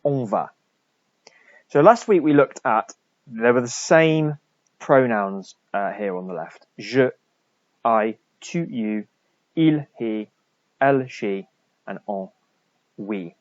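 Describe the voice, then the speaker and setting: Guy teaching french on a recorded lesson, patient, says the words slow so kids can copy, dry dull sound. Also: medium pitch, no room sound. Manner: patient, steady, repeats French words slowly for pupils. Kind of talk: recorded remote lesson for pupils.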